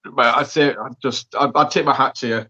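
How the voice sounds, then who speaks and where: A friendly, enthusiastic male host interviews a guest on a podcast. His voice is of middle pitch, and the audio sounds slightly dull. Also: fairly even intonation, fairly quick, sharp tone, husky.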